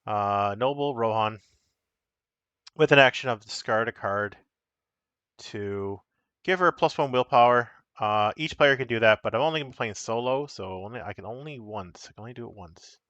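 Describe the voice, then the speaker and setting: A man's voice: mid-range voice, moderate pace, fairly bright tone, clear, resonant tone, no echo, muffled recording. A man casually chatting on a live stream as he shows and explains the cards of a solo card game, rambling and correcting himself as he goes.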